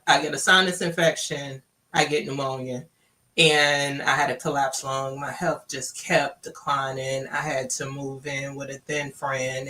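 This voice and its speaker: A woman's voice: extremely low pitch, pushed and bright. A woman from Louisiana, candidly telling her personal story and acting out the dialogue she quotes. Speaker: guest sharing her story.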